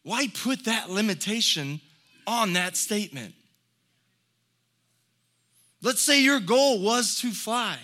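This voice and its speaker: A man's voice: high-pitched, animated, slow pace, pauses often, pushed and bright. A man preaching a sermon, speaking earnestly and telling folksy stories before building to emphatic exhortations. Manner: folksy storytelling with light laughs. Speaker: pastor.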